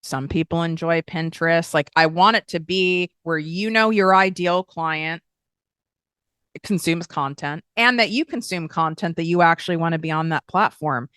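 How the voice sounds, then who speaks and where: A woman hosting a podcast and coaching listeners on online business in a blunt, casual, animated way with frequent swearing. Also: fairly low pitch, normal speed, clean tone, dry recording, studio quality. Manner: blunt, swears freely, animated with emphatic asides.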